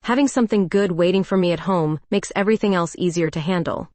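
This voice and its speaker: A woman narrating a first-person romance story in a calm, even storytelling voice. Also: lowish voice, fast talker, no echo.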